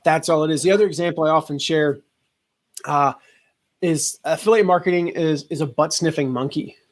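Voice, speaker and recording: Animated man telling a story. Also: a little high, moderate pace. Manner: animated storyteller acting out quoted voices. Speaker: guest, affiliate marketing expert. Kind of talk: storytelling in a podcast interview.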